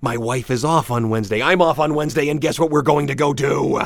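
A man's voice: mid-range voice, fairly even intonation, fast talker, vocal fry. A man hosting a casual radio show, chatty and enthusiastic, joking with his co-host.

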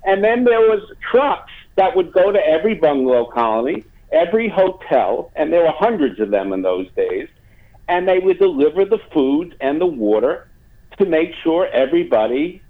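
A man's voice: on the high side, sing-song, moderate pace. A man being interviewed as a guest, telling a story in a rambling way with many fillers and restarts. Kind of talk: phone interview. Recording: tinny phone line.

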